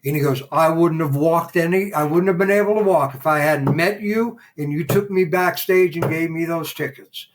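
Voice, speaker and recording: An older man spinning anecdotes as a podcast guest, his voice sitting a little on the high side. He talks in a relaxed, chatty way and slips into the voices of the people he quotes. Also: moderate pace, few pauses, slight background noise. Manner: animated raconteur who acts out quoted dialogue. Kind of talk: casual interview storytelling.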